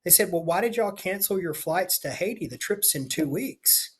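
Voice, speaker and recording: A man's voice: high voice, lively intonation, moderate pace, breathy edge. Earnest middle-aged man. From Louisiana, USA. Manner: earnest, confessional, acts out quoted dialogue. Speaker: state senator and guest. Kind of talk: personal storytelling in a podcast interview.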